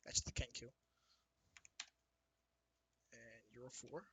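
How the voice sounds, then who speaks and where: A man's voice: medium pitch, fairly even intonation, takes it slowly, noisy background. A man narrating as dungeon master in a loose, chatty way, with lots of ums. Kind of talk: casual tabletop game narration.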